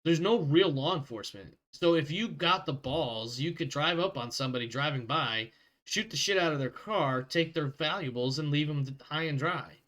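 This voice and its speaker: A man acting as game master, rambling through his narration and laughing easily. His voice sits a little higher than most men's. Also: animated, moderate pace, fairly bright tone.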